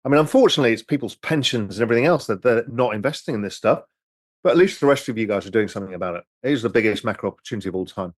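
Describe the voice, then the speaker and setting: A man's voice: on the low side, lively intonation, rapid-fire, no echo. Rambling, candid man on a dry mic. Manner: rambling, candid, swears freely. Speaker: host reading viewer questions. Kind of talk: casual live-stream chat over drinks.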